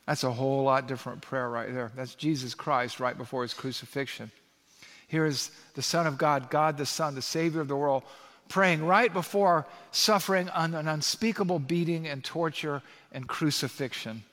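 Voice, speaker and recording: A pastor preaching an animated sermon, reading scripture aloud and building to emphatic peaks. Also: male voice, a little high, moderate pace. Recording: long reverb of a large hall.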